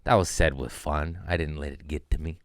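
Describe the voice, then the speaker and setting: A man's voice: very deep voice, fairly even intonation, a little fast, dry recording, studio quality. A man doing a comedic podcast monologue, riffing casually and breaking into profane rants with self-mocking asides. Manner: profane ranting with rising outbursts.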